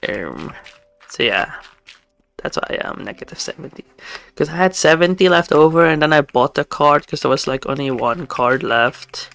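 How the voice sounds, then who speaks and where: Game streamer, casual live chat, halting and stammering, gravelly fry. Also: mid-range voice, lively intonation, a bit bright. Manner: halting, stammering, full of restarts and fillers.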